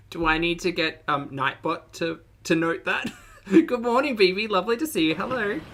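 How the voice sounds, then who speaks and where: Brief: woman streamer with a Southern US accent, bright tone, casual reaction chat, laughs a lot and greets viewers. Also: lowish voice, moderate pace. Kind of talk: casual live-stream commentary.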